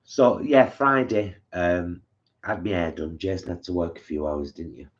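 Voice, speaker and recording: A man's voice: low voice, moderate pace. A man co-hosting a casual live-stream chat, telling stories in a chatty way over a dull, lo-fi recording. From England. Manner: chatty, storytelling. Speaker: co-host. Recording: dull lo-fi sound.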